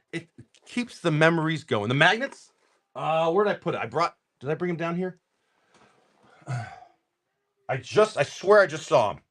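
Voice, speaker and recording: A man's voice: fairly high pitch, sharp tone. Jokey man streaming card pack openings. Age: young adult. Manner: jokey, rambling, reads card names aloud in quick lists. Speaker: live card-break streamer. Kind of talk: casual live-stream chat while opening card packs.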